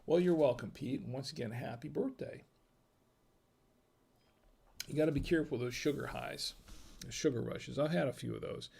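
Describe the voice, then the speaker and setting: A tipsy man sips wine while hosting a casual livestream, rambling as he reads the chat aloud and chuckling often. His mid-range voice moves at normal speed, creaky and darkish with a breathy edge and long pauses.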